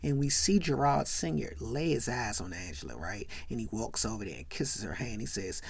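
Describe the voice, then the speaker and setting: A man's voice: mid-range voice, very animated, normal speed, creaky, few pauses, breathy edge, no echo. A man hosting a channel, recapping a film scene by scene, acting out the characters and keeping checking in with "right?". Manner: retells scenes acting out every voice, keeps asking "right?". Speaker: channel host. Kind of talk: animated movie recap.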